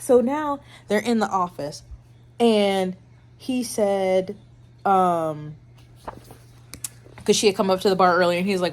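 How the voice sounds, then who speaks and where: Reading romance passages aloud in a casual vlog, a woman in bed at home reacts animatedly with lots of laughter. Her medium-pitched voice moves at a slow pace with long pauses.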